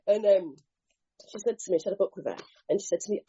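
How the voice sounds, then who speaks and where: A woman sharing her recovery story at a meeting, candid and lively, acting out scenes with slang and the odd swear. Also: mid-range voice, fast, breathy edge. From Bristol, England. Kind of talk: animated personal storytelling. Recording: dull lo-fi meeting recording.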